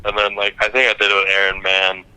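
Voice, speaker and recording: A man's voice: on the low side, completely flat delivery, fast, bright, forceful tone, clear, resonant tone, poor audio. A young man co-hosting a podcast, chatting in a rambling, laid-back way with casual swearing. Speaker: podcast co-host. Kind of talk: casual chat.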